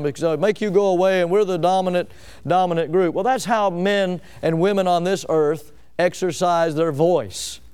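High, clear-voiced fervent preacher. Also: male voice, a little mellow. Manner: fervent, repeats phrases for emphasis, frequent "uh" fillers. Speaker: pastor. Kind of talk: sermon.

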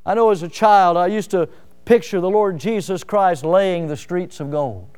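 A man preaching a sermon, telling homely stories with fillers and swinging from loud rises to soft drops. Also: high voice, moderate pace, clean tone, faint music behind. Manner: folksy storytelling with fillers. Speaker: pastor.

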